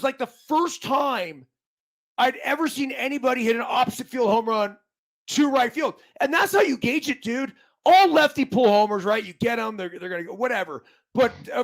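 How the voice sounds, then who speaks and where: A former baseball player chatting casually on a podcast, rambling and swearing as he recalls games. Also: extremely high pitch. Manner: rambling, profane, restarts a lot. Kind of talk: casual sports chat.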